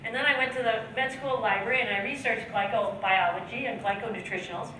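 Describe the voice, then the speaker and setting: A woman's voice: on the high side, fast. A woman in her fifties from the United States giving a jokey, chatty seminar talk to a live audience, often laughing at her own lines. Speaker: guest speaker and trainer. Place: large hall with an audience. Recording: echoey hall, distant mic, audience noise.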